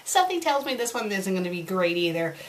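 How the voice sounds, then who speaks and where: A woman's voice: medium pitch, sing-song, quick pace. A woman reviewing and reading fanfiction aloud, with sarcastic, exasperated asides.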